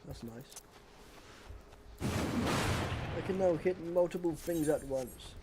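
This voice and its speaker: A man's voice: fairly high pitch, slow, very noisy. A man giving casual, rambling commentary while playing a game, chatting and laughing as he goes. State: losing his voice. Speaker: gameplay streamer. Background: game music.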